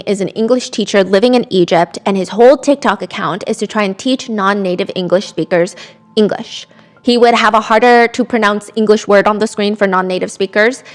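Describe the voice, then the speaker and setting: A young woman hosting a podcast, telling a true-crime story with chatty, animated asides and quoted voices. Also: medium pitch. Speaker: podcast host.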